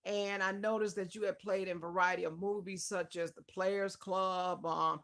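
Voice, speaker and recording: A woman's voice: medium pitch, fairly even intonation, moderate pace, a bit bright. A woman hosting a casual live stream interview, effusive and greeting her viewers by name.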